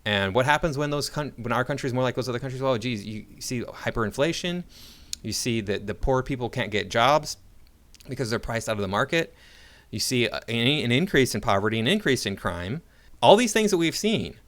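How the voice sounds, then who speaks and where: American man, reaction commentator, sarcastic and argumentative, halting delivery, mid-pitched. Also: animated, a bit bright. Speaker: online commentator.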